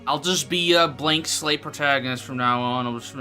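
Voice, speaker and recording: A man's voice: mid-range voice, normal speed, pushed and bright, soft background music. A man streaming a game and making joking, sarcastic asides as he plays. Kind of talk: casual gameplay commentary.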